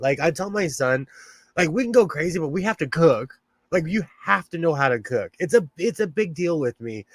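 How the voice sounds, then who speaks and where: A man's voice: on the high side, no room sound. A man chatting casually on his live stream, reading the chat and laughing often. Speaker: livestream host reading chat. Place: home in California.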